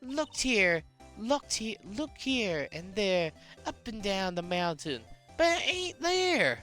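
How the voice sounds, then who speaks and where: A brash young Southern photographer with a loud Texan twang, as a New Zealand streamer puts her on while playing a video game. Her put-on voice sits well above the performer's own, drawling slowly and swinging widely up and down with a bright edge. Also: mid-range voice, sing-song, soft background music, voice pushed up. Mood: whiny.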